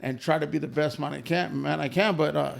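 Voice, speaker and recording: A man's voice: a little high, steady tone, fairly quick, vocal fry. A man guesting on a podcast, telling family stories in a laid-back, casual way, swearing freely and laughing as he goes. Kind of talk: casual storytelling chat.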